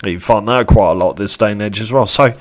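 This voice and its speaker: A man giving a casual tarot reading to camera, chatty and animated, with casual swearing. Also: on the low side, a little fast. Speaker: tarot reader.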